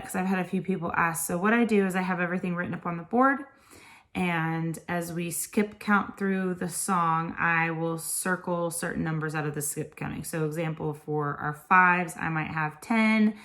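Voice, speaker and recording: Chatty, tired woman tutor, low-voiced. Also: a bit bright. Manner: chatty, explains step by step. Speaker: homeschool tutor. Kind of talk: casual instructional video.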